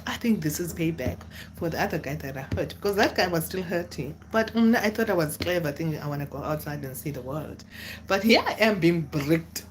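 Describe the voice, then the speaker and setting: Young woman vlogging, lowish voice, big dramatic jumps up when she exclaims. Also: brisk, a little hiss or hum. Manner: animated, dramatic, with sudden high exclamations. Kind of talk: casual storytelling to camera.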